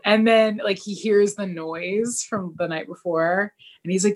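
A young woman co-hosting a podcast, casually recapping a TV episode and acting out the characters' lines. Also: normal speed. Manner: animated, acts out characters' lines with big pitch jumps. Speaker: podcast co-host.

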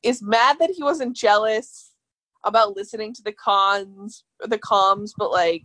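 A woman co-hosting a casual podcast, thinking aloud in short, relaxed remarks. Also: mid-range voice, unhurried. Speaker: podcast co-host. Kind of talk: casual chat.

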